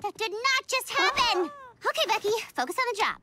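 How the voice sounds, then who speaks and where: A woman's voice: very high-pitched, sing-song, a little fast, very noisy. An actress voicing an earnest, easily frustrated young superhero girl in a cartoon.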